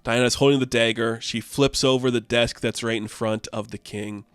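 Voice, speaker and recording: A man giving a casual comic book recap in a rambling way, full of "like" and quick asides. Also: mid-range voice, steady tone, a bit bright, clean tone, no echo, faint music behind. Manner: rambling, filled with "like".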